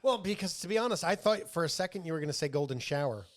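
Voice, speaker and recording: A man co-hosting a podcast, chatting casually with a playful, deadpan manner. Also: fairly high pitch, fast talker. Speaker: podcast co-host. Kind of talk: casual chat.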